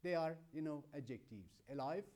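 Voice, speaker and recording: A man teaching an English grammar lesson, explaining slowly and emphatically through examples. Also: on the high side, lively intonation, darkish tone. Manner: slow, emphatic, explains with examples, keeps saying "my friends".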